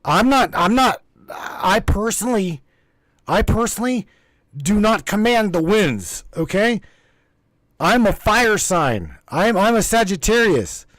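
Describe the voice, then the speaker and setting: A man's voice: high-pitched, big pitch swings, slow pace, a bit bright, dry recording. A man hosting a spiritual livestream, talking casually to his live chat in a rambling, repetitive, emphatic way and swearing freely. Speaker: host of a spiritual livestream broadcast.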